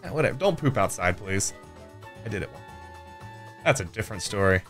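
A man chatting casually while reacting to old gaming clips, telling stories in an animated way. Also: fairly low pitch, a little fast, soft background music. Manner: animated, laughing storyteller. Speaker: youtuber reacting to a compilation.

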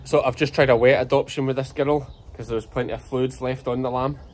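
Here's a Scottish sheep farmer talking casually into the camera while moving sheep with his dog across an outdoor farm hillside. His mid-range voice is steady and somewhat dark, and he talks fairly quickly.

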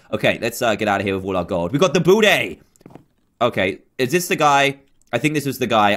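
A man's voice: mid-range voice, sing-song, fairly quick, fairly bright tone, slight background noise. A man hosting a gaming video, giving jumpy let's-play commentary, exclaiming often and talking to the game's characters.

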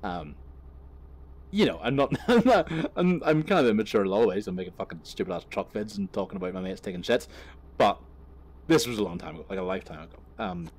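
A man talks while driving his truck, rambling through stories with lots of swearing and fillers. His pitch sits mid-range but moves about a lot. He laughs at himself as he goes. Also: animated, quick pace, darkish tone. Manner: swearing, self-mocking, rambling with many fillers. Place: inside a truck cab on the road.

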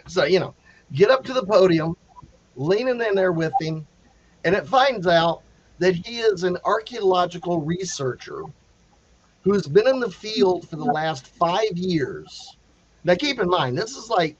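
A man telling a story in a casual, animated way, acting out the quotes with many restarts. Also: high voice, slightly rough, highs cut off. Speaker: panel guest telling a story.

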